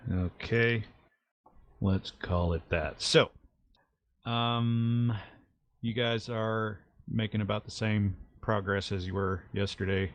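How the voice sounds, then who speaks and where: A man running a tabletop game as game master, explaining rules and narrating in a halting way with many fillers. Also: on the low side, steady tone, no room sound, highs cut off.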